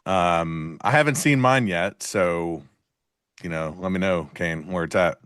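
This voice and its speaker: A man co-hosting a live trading show, chatting casually and explaining market ideas in a relaxed way. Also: deep voice, unhurried, clear, resonant tone, no echo, studio quality.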